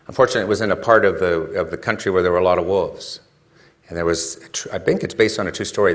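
Brief: male pastor, low-pitched, relaxed chat style of sermon that swells into emphatic questions. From California. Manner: conversational, rhetorical questions, builds to emphatic peaks. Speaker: preacher.

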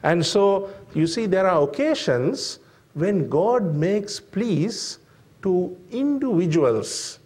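A man preaching a sermon, slow and deliberate, with frequent fillers and emphatic rhetorical questions to the congregation. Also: high voice, very animated, a little mellow.

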